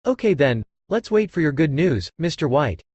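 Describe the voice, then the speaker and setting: A man voicing a calm young son-in-law who speaks flatly and offhandedly, in an audiobook. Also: on the high side, normal speed, no room sound. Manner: flat and offhand.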